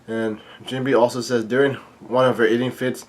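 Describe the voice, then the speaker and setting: A man casually narrating a comic read-along, halting with many fillers. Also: medium pitch, little pitch movement. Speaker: channel host reading a comic aloud.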